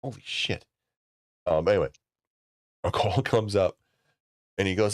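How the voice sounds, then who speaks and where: A man's voice: measured pace, no echo, clean studio sound. A man chatting casually with friends, telling rambling anecdotes and swearing freely. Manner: rambling anecdotes, swears freely, acts out voices high and loud. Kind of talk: casual storytelling chat.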